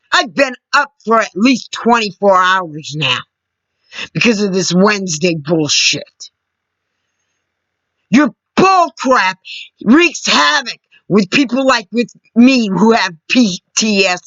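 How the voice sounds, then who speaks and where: An American woman in an angry, profane political rant to camera, shouting at times. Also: medium pitch, dry recording, muffled recording. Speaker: vlogger.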